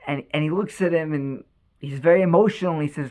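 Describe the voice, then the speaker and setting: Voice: mid-range voice, fast talker, darkish tone. A storyteller telling an inspirational religious story with emotion, repeating words and restarting sentences.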